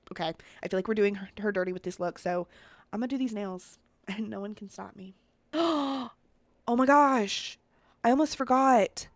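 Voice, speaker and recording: With a medium-pitched voice and no echo, a woman who makes Sims videos chats loosely as she builds characters in a life-sim game. She thinks aloud and frequently speaks right to her viewers.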